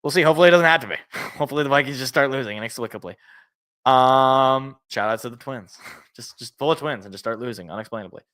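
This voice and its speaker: A man hosting a casual sports talk show, rambling and correcting himself, his voice worn out from yelling. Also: medium pitch, fast, smooth. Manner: rambling, self-correcting, laughs at own jokes. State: voice feels worn out. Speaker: sports podcast host.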